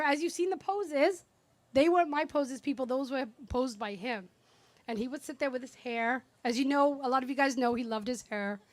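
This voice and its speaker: Woman, 30s, sister's birthday toast, chatty and affectionate, slightly high, dry. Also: no room sound. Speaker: younger sister giving a birthday speech. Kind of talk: heartfelt party speech. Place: party venue.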